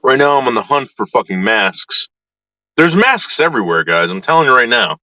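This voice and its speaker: A man's voice: mid-range voice, sing-song, moderate pace, sharp tone, no room sound, poor audio. A man ranting to his viewers in a vlog, swearing often and talking in an agitated way. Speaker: YouTuber.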